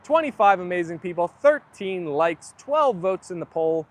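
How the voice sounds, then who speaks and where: A man's voice: sits high, very animated, normal speed. A young man hosting a casual livestream, chatting and reading viewer comments aloud. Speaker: livestream host. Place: outdoors near a garden.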